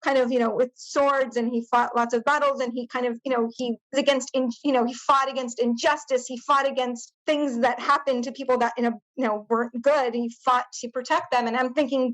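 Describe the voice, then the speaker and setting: High-voiced woman recounting a painful memory. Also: steady tone, low-quality recording. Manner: halting, many fillers and restarts, emotional retelling. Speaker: podcast guest. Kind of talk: personal testimony in interview.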